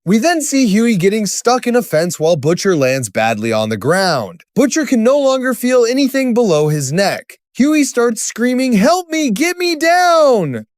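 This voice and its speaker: A man with a high voice narrates a scripted story recap. His pitch swings widely and he tells it dramatically, lifting his voice at sudden turns. The sound is close and dry. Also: sing-song, normal speed, few pauses, darkish tone, no echo.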